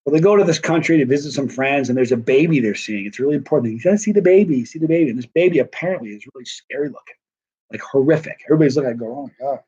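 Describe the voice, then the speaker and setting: A middle-aged man talks to his live-stream viewers in a loose, rambling way, tired yet still wired. His voice sits at an ordinary middle pitch. The audio comes through a little dull and lo-fi. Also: lively intonation, racing, dark tone, slightly rough. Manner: rambling, chatty, self-deprecating. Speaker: vlogger answering live chat. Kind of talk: casual live-stream chat.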